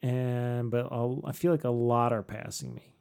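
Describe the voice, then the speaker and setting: A middle-aged man, co-host of a podcast, telling a story casually, animated and self-mocking, with frequent swearing. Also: mid-range voice, normal speed, creaky, smooth.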